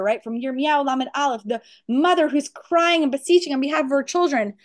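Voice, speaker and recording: A woman teaching a lecture on a religious text, emphatic and animated, often asking rhetorical questions. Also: high voice, a little fast. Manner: animated storytelling.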